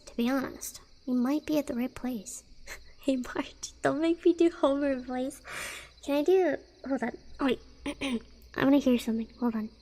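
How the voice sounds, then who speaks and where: Giggly high-voiced woman streamer. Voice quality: soft voice. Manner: giggly, rambling, lots of fillers and restarts. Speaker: live streamer. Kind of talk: casual live-stream chat.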